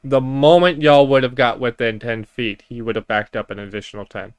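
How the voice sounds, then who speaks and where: A man's voice: mid-range voice, steady tone, fairly quick, clean tone, dry recording. A man narrating a tabletop game as game master, dry and teasing.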